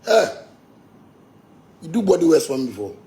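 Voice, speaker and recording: Gravelly Ghanaian man, boastful rant. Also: a little high, sing-song, moderate pace, mellow. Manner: boastful, profane, mixes Pidgin. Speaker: musician. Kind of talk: heated rant.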